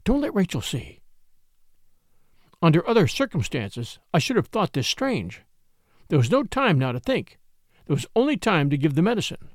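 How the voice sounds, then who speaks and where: A male audiobook narrator reads in a theatrical, expressive manner. His voice sits a little high for a man and moves a great deal. The recording is dry and close. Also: normal speed, no echo. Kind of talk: scripted narration.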